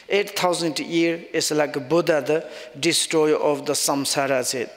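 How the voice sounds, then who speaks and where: A man giving a Buddhist teaching in non-native English, halting and often searching for words. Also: on the high side, fairly bright tone. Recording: long hall reverb.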